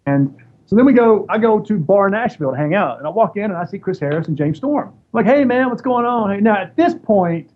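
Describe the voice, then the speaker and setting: A man's voice: sits high, brisk. A man telling stories as an interview guest, acting out the other people's voices as he goes. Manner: animated storyteller acting out quoted voices. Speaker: interview guest, former wrestler. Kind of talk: casual storytelling. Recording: dull lo-fi sound with faint noise.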